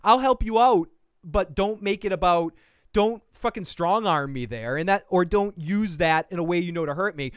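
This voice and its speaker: Male podcast host, fairly high voice, dry close mic, profane heated rant style. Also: animated, normal speed, smooth, dry recording. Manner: ranting, profane, acts out characters' lines. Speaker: podcast host reviewing a TV show. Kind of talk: casual recap chat.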